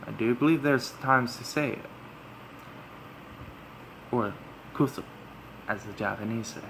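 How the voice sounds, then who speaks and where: A man's voice: mid-range voice, a little slow, vocal fry, background noise. A man reading a visual novel aloud, breaking off into rambling, self-correcting asides to his viewers. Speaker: let's play gamer.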